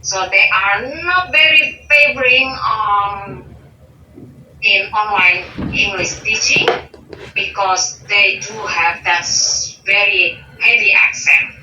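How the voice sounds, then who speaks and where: Slow, bright-voiced woman, echoey distant mic. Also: mid-range voice. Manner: hesitant, searching for words, many pauses. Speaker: interview guest. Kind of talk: casual conversation about English learning. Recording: muffled, echoey room, distant mic, faint hiss.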